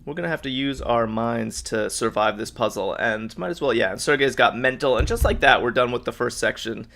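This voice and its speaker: A man's voice: mid-range voice, brisk, gravelly, a bit bright. A man hosting a live crossword stream, thinking aloud in an upbeat way and reading out viewers' answers. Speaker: host of a live crossword solve. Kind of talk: live-stream puzzle solving, chatting with viewers.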